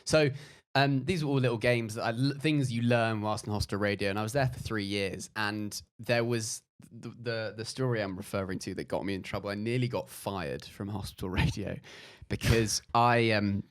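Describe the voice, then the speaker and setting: A man in his twenties, a podcast guest, telling a casual anecdote in an animated, rambling way with many fillers. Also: on the low side, normal speed, hardly any pauses, clean tone.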